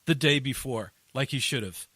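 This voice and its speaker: A man hosting a casual podcast chat, telling an animated story that climbs high at the funny parts. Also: moderate pace, no echo. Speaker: addiction interventionist, podcast host.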